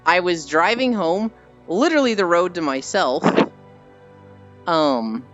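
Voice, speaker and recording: A young adult streamer chatting casually with viewers, telling animated stories and swearing freely. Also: medium pitch, a little slow. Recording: slightly dull stream audio with faint music.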